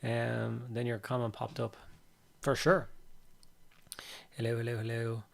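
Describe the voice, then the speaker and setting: A man's voice: medium pitch, little pitch movement, a little slow, creaky. A man hosting a casual livestream, chatting with viewers while he builds models and greeting them with repeated hellos. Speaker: livestream host.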